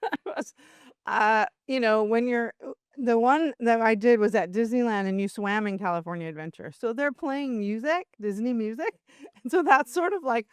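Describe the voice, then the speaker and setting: An older woman, a podcast guest, chatting casually and telling animated stories, acting out other people's voices and laughing often. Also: fairly high pitch, normal speed, smooth, no echo, clean studio sound. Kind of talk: casual interview talk.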